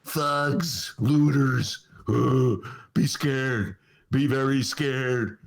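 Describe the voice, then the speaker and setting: A man doing a mocking impression of a blustering politician, drawing the words out slowly to stoke fear. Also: mid-range voice, gravelly. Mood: menacing. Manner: slow, drawn-out fearmongering delivery.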